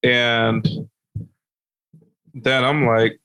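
A man's voice: medium pitch, drawn-out words, smooth. Young man telling a story with lots of swearing. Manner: animated, heavy swearing, laughing through his story. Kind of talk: casual storytelling.

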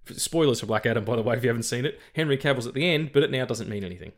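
A man's voice: medium pitch, lively intonation, racing. An Australian man co-hosting a podcast in casual chat, rambling and swearing, often repeating words as he stumbles. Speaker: podcast co-host.

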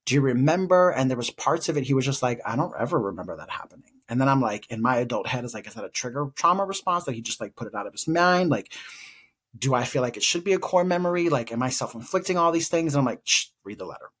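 A man's voice: medium pitch, animated, fast, fairly bright tone. A man co-hosting a podcast, telling a personal story in an earnest, reflective way, openly emotional. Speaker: podcast co-host.

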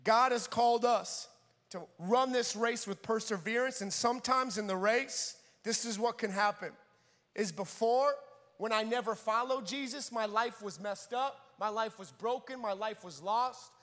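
A man's voice: high-pitched, measured pace, big-room sound. A young man giving a sermon in a church, telling a personal story and acting out the people in it. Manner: animated storyteller, acting out voices. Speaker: preacher.

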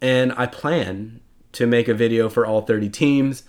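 Young guy rambling on his podcast, chatty and self-mocking, mid-pitched voice. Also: fairly even intonation, a little slow, a little mellow. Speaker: podcast host. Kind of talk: casual solo podcast chat.

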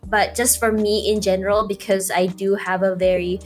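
A woman speaking as a guest on a casual podcast, in a voice of middling pitch. She talks in a chatty, loose way and is full of "like" fillers. She laughs easily as she goes. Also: little pitch movement, normal speed.

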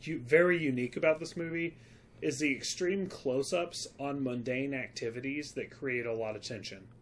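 A man's voice: medium pitch, moderate pace. A man co-hosting a casual film podcast, talking in an earnest, rambling, opinionated way. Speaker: podcast co-host.

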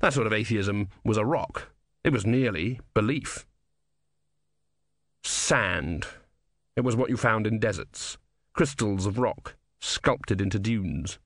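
A male audiobook narrator with a mid-pitched voice and a lively, varied delivery. He tells the story in a wry, measured way, recorded dry and close with no room sound. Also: creaky, dry recording. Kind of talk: scripted narration.

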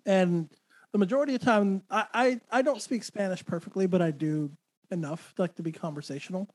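A man's voice: high voice, brisk, rough recording. A man hosting a podcast, chatting and telling a story in an easygoing way with small stammering restarts. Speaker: podcast host. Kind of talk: casual chat.

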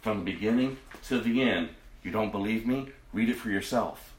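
A man preaching a sermon to his congregation, impassioned and dramatic, dropping to a hush and then rising to a loud cry. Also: lowish voice, moderate pace, echoey room, slight background noise. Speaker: pastor.

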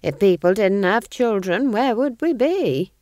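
Woman playing a bawdy, shrill old witch. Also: lively intonation, a little slow, a little mellow, dry recording, studio quality, close to an everyday voice. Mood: bickering. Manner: shrill, indignant bickering.

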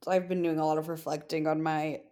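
A young woman with a somewhat low voice, chatting on a podcast. She talks in a relaxed, conversational way, full of "like". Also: fairly quick. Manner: conversational, chatty with frequent fillers. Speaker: podcast co-host. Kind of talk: casual chat.

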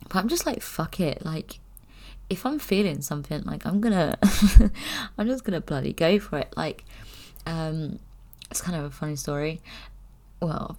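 A woman's voice: sits low, creaky, a little mellow. A young woman chatting candidly to camera, rambling and giggling as she talks. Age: young adult. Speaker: vlogger. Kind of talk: casual chat.

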